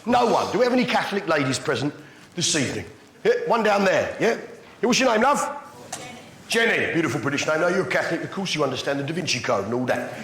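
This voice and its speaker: A man's voice: fairly high pitch, sing-song, fast, a little hiss or hum. A man doing stand-up comedy, bantering crudely with the audience in a brash manner. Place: comedy stage before live audience. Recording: echoey live venue, loud audience.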